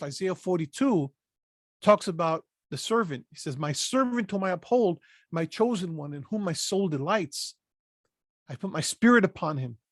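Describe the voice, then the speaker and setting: A man's voice: sits high, dry recording, clean studio sound. A man leading a Bible study, reading scripture aloud and breaking in with short emphatic asides. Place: lives in Pennsylvania.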